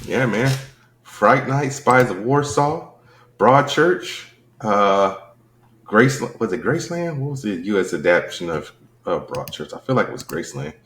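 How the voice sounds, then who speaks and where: A man co-hosting a podcast in casual chat, with expressive, joking banter. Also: on the low side, unhurried, echoey room, a little hiss or hum. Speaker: podcast co-host.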